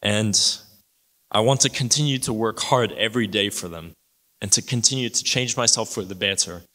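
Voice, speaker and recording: A young man giving an emotional personal testimony in halting, restarting sentences. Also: fairly low pitch, pushed and bright. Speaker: testimony speaker. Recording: hall reverb.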